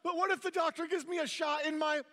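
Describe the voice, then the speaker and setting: A frightened little boy pleading in a high, squeaky voice, as a male pastor puts him on. The bright, whiny tone rings out through a long church-hall echo. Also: steady tone, quick pace. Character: scared little boy pleading with his mom.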